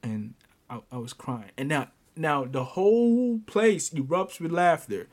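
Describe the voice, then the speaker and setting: A man hosting a podcast, telling a personal story in casual chat, animated, often stammering and breaking into laughter. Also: on the high side, measured pace. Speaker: podcast host.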